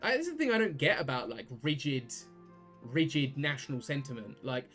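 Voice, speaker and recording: A man's voice: mid-range voice, very animated, fairly quick, a bit bright, soft background music. Rambling young British man streaming a game. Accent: British English. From Britain. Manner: rambling, talks to chat, many restarts. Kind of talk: casual chat while gaming.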